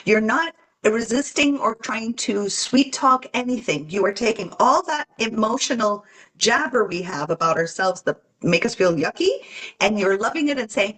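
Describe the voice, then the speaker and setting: A woman's voice: a little high, expressive, moderate pace, fairly bright tone, breathy edge. A woman talking earnestly about self-love on a podcast, acting out her inner voices with gasps. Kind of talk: casual podcast chat.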